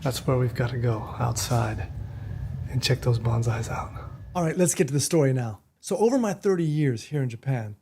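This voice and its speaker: A man in his sixties, hosting a vlog and telling stories in a punchy, animated way that turns loud and emphatic. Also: medium pitch, normal speed, vocal fry, slight background noise. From Miami, Florida, US. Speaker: vlog host and martial arts teacher. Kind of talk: casual storytelling vlog.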